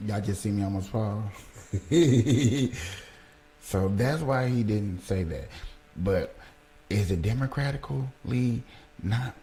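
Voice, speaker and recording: A man hosting a livestream, reacting to a clip and talking slowly and emphatically to his chat. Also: on the low side, lively intonation, warm tone. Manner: slow, emphatic, talks to chat, jokes. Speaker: livestream host. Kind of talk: casual commentary on a played clip.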